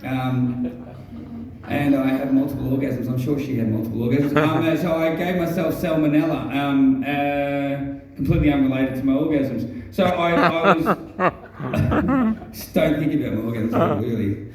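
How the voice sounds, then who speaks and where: With a mellow, middling-pitched voice, this Australian comic meanders through a stand-up story, stumbling over ums and false starts and cursing freely along the way. He's captured from a distance in a heavily echoing venue.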